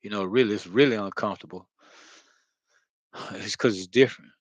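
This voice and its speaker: A man giving a rambling, earnest spiritual monologue, halting with many fillers and heavy sighs, blunt and sometimes swearing. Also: on the low side, husky, dry recording, rough recording. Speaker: spiritual vlogger.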